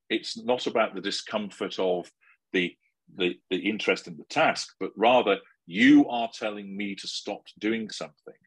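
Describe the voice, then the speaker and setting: A man speaks as a guest in a conversational interview. His voice sits very low and has a husky edge. He explains his points in a measured, analytical way. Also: a bit bright, no echo, poor audio.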